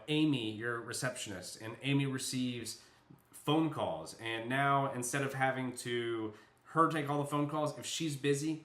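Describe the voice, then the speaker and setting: A man presents a software product in a casual, unscripted walkthrough, full of fillers as he thinks aloud. His voice is bright and forward. It is recorded in an echoey room. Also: mid-range voice. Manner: loose and chatty, many fillers, thinks aloud.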